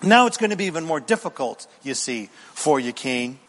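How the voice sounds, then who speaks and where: A man preaching a sermon, animated, with rhetorical questions to the congregation and dramatic pauses. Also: fairly high pitch. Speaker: pastor. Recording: long reverb in a large hall.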